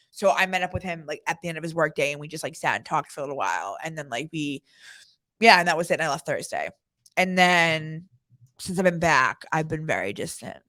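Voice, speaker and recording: A woman's voice: deep voice, fairly bright tone. A woman co-hosting a podcast, telling a story in casual chat, filling her speech with "like". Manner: chatty storytelling, many fillers like "like". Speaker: podcast co-host.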